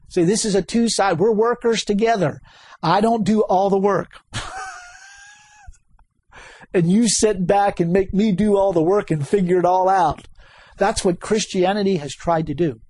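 A man preaches a sermon animatedly, chuckling often, repeating key words and rising to sudden high exclamations. He keeps a measured pace and pauses often.

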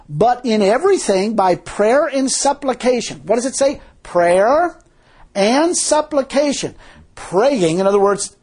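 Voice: mid-range voice, darkish tone, husky. A preacher giving a sermon in a folksy, emphatic, colloquial way, full of rhetorical questions.

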